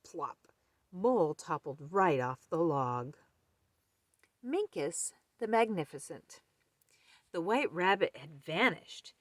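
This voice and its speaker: Woman reading a kids book out loud, slow and super expressive, dry close mic. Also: low-pitched, no room sound. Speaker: storyteller. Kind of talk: children's book read-aloud.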